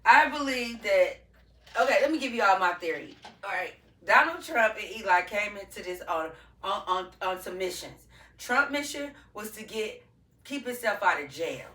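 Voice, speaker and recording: A woman's voice: mid-range voice, sing-song, normal speed, pushed and bright. A woman co-hosting a casual talk show, opinionated and laying out her theories with frequent laughs. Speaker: podcast co-host. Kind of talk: casual chat. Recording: echoey room, mic at a distance.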